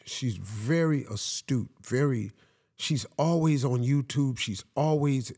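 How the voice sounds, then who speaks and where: A man's voice: medium pitch, slow, darkish tone. A man speaking as a podcast guest, telling a personal story in an emphatic, casual way and often saying "man.". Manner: emphatic, peppers talk with "man".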